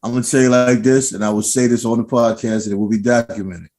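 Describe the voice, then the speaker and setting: A man's voice: mid-range voice, steady tone, quick pace, a little mellow. A young man co-hosting a podcast, talking emphatically with slang and repeating himself. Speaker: podcast co-host. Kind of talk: casual podcast chat.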